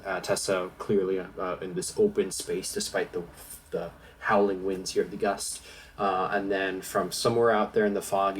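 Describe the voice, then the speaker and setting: A man narrating as dungeon master in a relaxed, hesitant way, with plenty of fillers. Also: low voice, a little hiss or hum. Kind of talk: narrating a tabletop game.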